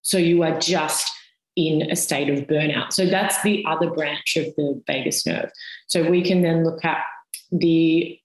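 A woman's voice: deep voice, steady tone, a little slow. A woman, a physiotherapist guest on a podcast, explaining things step by step with everyday comparisons. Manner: patient step-by-step explaining with analogies. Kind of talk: explanatory interview talk. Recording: roomy echoey sound.

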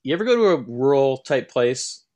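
A man's voice: mid-range voice, sing-song, normal speed, darkish tone. A young man co-hosting a podcast in casual chat, rambling with many restarts. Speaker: podcast co-host.

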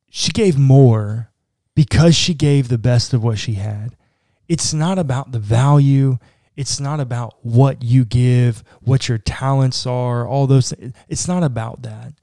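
Male pastor, podcast host; warm, unhurried tone, conversational and sincere. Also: medium pitch, no room sound, clean studio sound. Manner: earnest, conversational, says "like" often. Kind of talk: podcast discussion.

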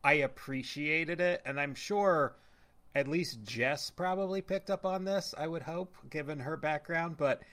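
A man's voice: fairly high pitch, a bit bright. A man co-hosting a podcast, casually and carefully explaining small details he noticed in a film. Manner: measured, explanatory, detail-minded. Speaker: podcast co-host.

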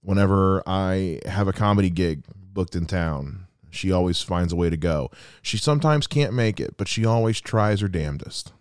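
A man's voice: low-pitched, lively intonation, moderate pace, darkish tone, clean tone, no room sound. A man in his thirties hosting a solo podcast, talking earnestly and reflectively about someone close to him. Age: 30s. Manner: earnest and reflective, with quoted asides. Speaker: podcast host. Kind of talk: heartfelt solo podcast monologue.

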